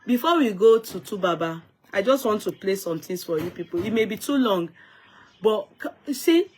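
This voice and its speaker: A woman's voice: mid-range voice, lively intonation, moderate pace, slight background noise. A Nigerian woman hosts a live stream off the cuff. She talks emphatically and lectures her viewers, often repeating and restarting her words. She greets people one by one by name. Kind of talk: unscripted live-stream commentary.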